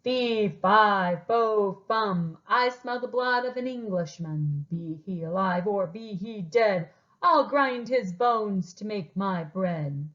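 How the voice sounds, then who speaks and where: A woman voicing a friendly giant who chants a scary rhyme slowly and dramatically. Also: a bit bright, highs cut off. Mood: mock-scary. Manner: booming, slow and dramatic.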